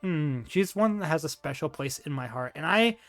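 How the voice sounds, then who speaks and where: Rambling, slightly high-voiced male streamer. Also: expressive, moderate pace, no room sound, faint music behind. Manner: rambling and gushing, many fillers and restarts; slangy, says dude and bro. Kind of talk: casual chat on a livestream.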